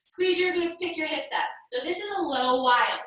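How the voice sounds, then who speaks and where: A woman's voice: high-pitched, a little fast, a bit bright, heavy reverb, distant mic, rough recording. A woman teaching a live yoga class, cueing poses in an upbeat way, sometimes half-singing, and a bit out of breath. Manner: upbeat cueing, sings some cues, laughs at herself. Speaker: yoga instructor. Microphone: laptop mic over a hotspot.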